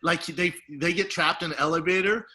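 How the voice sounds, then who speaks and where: A man co-hosting a podcast, telling a story in casual chat and acting out the quotes with lively energy. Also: fairly high pitch, brisk. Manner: animated storyteller, acts out quotes. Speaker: podcast co-host; father.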